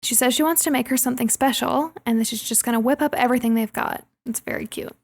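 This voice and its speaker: Chatty young woman with a gravelly edge. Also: a little high, fairly even intonation, fast. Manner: chatty, laughs often, acts out quoted lines. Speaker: podcast co-host. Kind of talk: casual movie recap chat.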